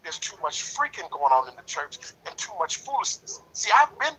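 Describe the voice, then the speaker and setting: A man's voice: fairly high pitch, big pitch swings, moderate pace, sharp tone, breathy edge, low-quality recording. A man in a lodge discussion talking in a preachy, emphatic way, repeating himself and leaning on "you know". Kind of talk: passionate casual discussion.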